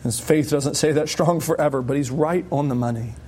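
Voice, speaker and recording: A man preaching a sermon to a congregation, animated and emphatic, often rising sharply in pitch for stress. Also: fairly quick, slight background noise.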